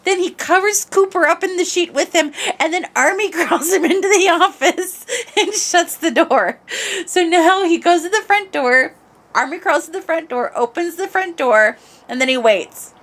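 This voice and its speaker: A woman podcast host telling a casual anecdote into a microphone, animated and expressive, dropping to low mutters and rising to shrieks. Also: moderate pace.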